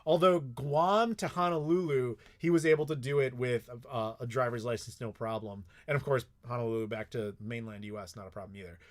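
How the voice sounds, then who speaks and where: A man's voice: mid-range voice, brisk, few pauses. A man casually answering viewer questions on a live stream, rambling and swearing freely with lots of filler words.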